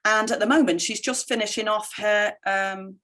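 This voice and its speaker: A middle-aged woman giving a conference keynote with slides, telling stories in an animated way and quoting others in lively voices. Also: mid-range voice, moderate pace. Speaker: keynote speaker.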